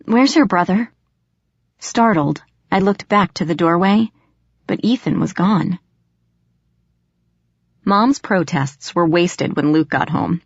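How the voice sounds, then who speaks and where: Woman audiobook narrator, lowish voice, measured first-person storytelling, muffled lo-fi sound. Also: vocal fry, husky, no echo.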